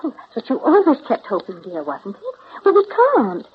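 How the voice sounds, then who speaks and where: A woman's voice: sits high, wildly swooping pitch, moderate pace, lo-fi sound. An actress in 1930s radio acting, playing an emotional, pleading young woman in love, heard on a hissy vintage radio broadcast. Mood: distraught.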